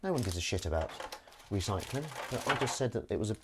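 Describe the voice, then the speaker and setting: A man's voice: on the low side, expressive, fast talker, heavy background noise. A man hosting a livestream from his kitchen, chatting casually and jokingly while reading out viewer comments. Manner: rambling, jokey, reading out chat comments. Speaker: livestream host. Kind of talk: casual chat while washing up.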